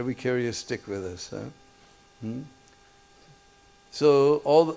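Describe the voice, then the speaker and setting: A man with a mid-range voice and darkish tone preaches in a temple hall, telling a story as a sermon. He chuckles often and keeps checking in with listeners using short "hmm?" and "huh?" questions.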